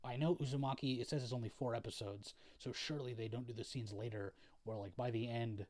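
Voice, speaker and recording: A young adult man talking casually to camera, rambling through a recap with plenty of swearing and filler words. His voice sits at an ordinary middle pitch, loose and unhurried in manner. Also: fairly even intonation, a little mellow. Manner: rambling, profane, filler-heavy, laid-back. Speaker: video creator.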